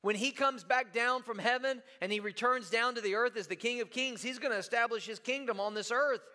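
Guy pastor preaching, bright sharp voice, lots of "right?" and repeats, long church echo. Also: very high-pitched, brisk. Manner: conversational, repeats words, asks the room "right?". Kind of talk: sermon.

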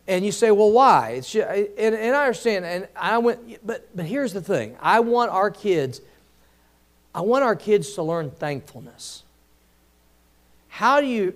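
A man preaching a sermon in a conversational way, with many restarts and emphatic questions to the congregation. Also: on the high side. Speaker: pastor.

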